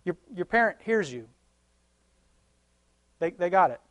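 A man's voice: sits high, expressive, a little slow, no room sound, highs cut off. A man giving a casual devotional talk and closing prayer, conversational and homely, chuckling often between thoughts. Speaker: lay preacher.

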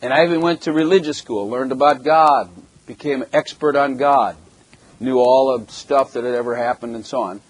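A German-born man preaches at normal speed with a medium-pitched, slightly rough voice, captured in a rough recording with no room sound. His sermon weaves in his personal testimony, told bluntly and with jokes, and he poses rhetorical questions to the congregation.

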